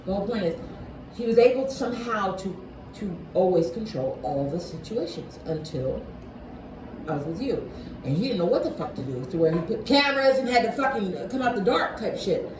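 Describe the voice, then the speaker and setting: A woman's voice: medium pitch, expressive, normal speed. A woman telling a heated personal story in casual conversation, swearing often and restarting her sentences. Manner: profane, agitated storytelling with many restarts. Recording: echoey room with loud background noise.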